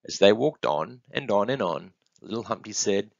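Man, picture book read-aloud, lively sing-song, gravelly, dry dull sound. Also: lowish voice, moderate pace, no echo. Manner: expressive, sing-song storytelling. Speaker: storybook reader. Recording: dull, dry close recording.

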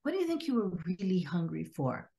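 A woman psychologist, a podcast guest, telling client stories and acting out their words in lively quoted voices. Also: lowish voice, a little fast, gravelly. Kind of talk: storytelling in a podcast interview.

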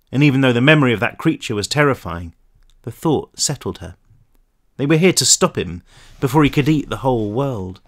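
Man reading his novel, lively delivery. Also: mid-range voice, fairly quick. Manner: lively, expressive storytelling. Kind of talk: audiobook narration.

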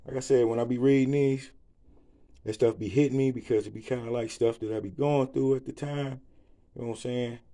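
Gravelly guy doing a laid-back bible reading and prayer, worked up and emotional, mellow low voice. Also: fairly even intonation, a little fast. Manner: informal, repeats "you know what I'm saying". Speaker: preacher.

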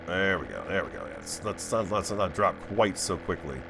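A man's voice: deep voice, expressive, moderate pace, vocal fry, music in the background. A man hosting a gaming video, chatting to his viewers as he plays. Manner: chatty, talks to viewers while playing. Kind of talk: let's play commentary.

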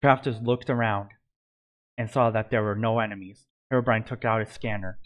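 A man's voice: fairly low pitch, steady tone, moderate pace, highs cut off. Man reading a fan story aloud. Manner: amateur reading with stumbles and self-corrections. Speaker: narrator.

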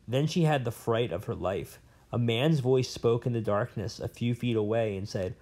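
A man's voice: medium pitch, normal speed, hardly any pauses, a little mellow. Man reading a novel aloud. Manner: plain reading with slips and an aside. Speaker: reader.

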